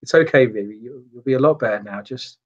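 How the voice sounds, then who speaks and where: A man voicing a relieved, tearful father who gently reassures his daughter. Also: mid-range voice, fast talker, lightly acted. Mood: soothing. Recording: dull lo-fi sound.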